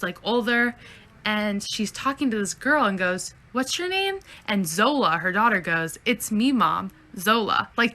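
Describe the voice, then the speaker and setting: Bright-voiced woman, eager fan theory. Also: medium pitch. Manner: eager, persuasive, frequent "right?" asides. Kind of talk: casual chat to camera.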